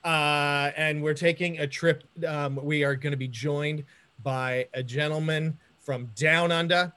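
A man's voice: fairly high pitch, fairly even intonation, measured pace, bright, forceful tone, clean tone. A man hosting a movie podcast in casual chat, upbeat and rambling. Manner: upbeat, rambling with fillers and restarts. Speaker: podcast host.

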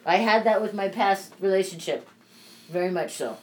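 A woman's voice: mid-range voice, normal speed, darkish tone, poor audio. A woman who talks bluntly and swears freely on a candid podcast, at times reading aloud from a personal grief journal. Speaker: podcast guest.

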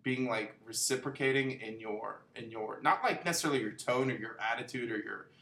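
A man in a casual chat, telling animated stories and acting out the voices of people he quotes, laughing often. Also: mid-range voice, fairly quick. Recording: echoey room.

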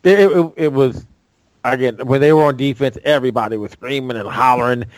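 A man co-hosting casual sports talk, halting and repeating words as he thinks. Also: mid-range voice, no echo, rough recording. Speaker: co-host.

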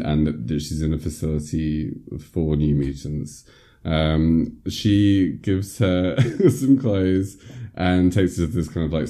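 Casual podcast host, rambling plot recap, deep and dark tone. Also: male voice. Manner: rambling, many ums and likes, laughs at himself. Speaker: podcast host reviewing a film. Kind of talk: casual film recap chat.

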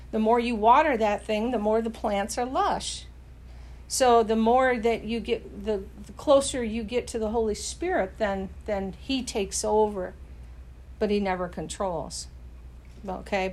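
A woman preaching in a casual, earnest way, talking conversationally with frequent restarts. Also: a little high.

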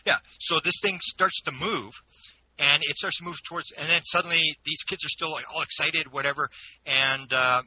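A man who is an interview guest, telling a personal story in an animated way with frequent restarts. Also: fairly high pitch, moderate pace, slight background noise, low-quality recording. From Canada.

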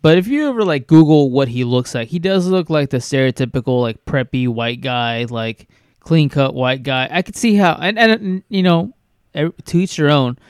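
Smooth-voiced man telling a story. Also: on the high side, lively intonation, moderate pace, dry recording, studio quality. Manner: hesitant storytelling with many "um"s and restarts. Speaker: podcast co-host. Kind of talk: casual chat, retelling a story.

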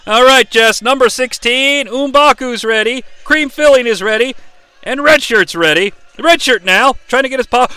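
A man hosting a live watch-along of a wrestling match, calling the action in an excitable, profane way. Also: extremely high pitch, moderate pace, clear, resonant tone, dry recording. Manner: excitable, profane, yelling play-by-play. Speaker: host.

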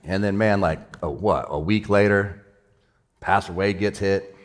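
A male pastor giving a sermon in a casual, excitable way, with everyday slang. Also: sits low, measured pace.

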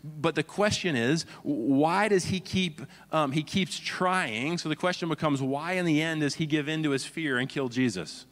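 Preacher, earnest sermon delivery, big reverberant hall. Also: male voice, on the high side, normal speed, hardly any pauses, a bit bright. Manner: earnest, demonstrative, reads scripture aloud. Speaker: pastor.

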